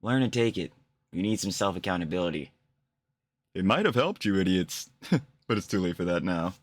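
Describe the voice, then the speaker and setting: A man's voice: sits low, expressive, moderate pace, faint music behind. A young man giving profane, mocking reaction commentary, ranting and laughing. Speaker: commentary YouTuber.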